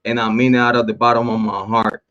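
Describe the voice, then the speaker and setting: A man's voice: mid-range voice, little pitch movement, fast, fairly bright tone. Mocking man hosting a live stream, lo-fi audio. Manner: mocking, laughing, profane. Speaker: livestream host. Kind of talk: casual livestream commentary.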